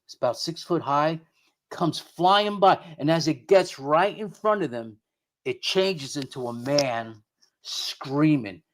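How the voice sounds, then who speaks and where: A middle-aged man appears as a guest paranormal investigator, telling a story conversationally and rambling as he keeps repeating and restarting his words. He speaks slowly in a fairly high voice with lively intonation.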